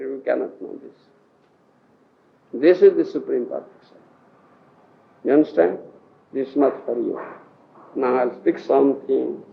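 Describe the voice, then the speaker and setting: A man's voice: on the high side, creaky. A man from India with an Odia accent, giving a scriptural lecture to devotees, emphatic, often asking the audience if they understand and laughing. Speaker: spiritual teacher giving a lecture. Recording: dull lo-fi 1980s tape recording.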